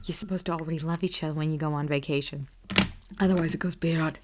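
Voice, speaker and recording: A woman's voice: deep voice, fairly even intonation, fast talker, heavy background noise, natural voice. A woman doing a whispered role-play as a wild, gossipy, unhinged aunt, rambling and chatty, slipping in and out of a whisper on a close mic. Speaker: ASMR creator.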